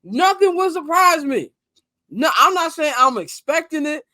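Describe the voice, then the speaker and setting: A man hosting a casual sports talk podcast, animated, swinging between loud and soft, swearing casually. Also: very high voice, unhurried, no echo. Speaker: podcast host.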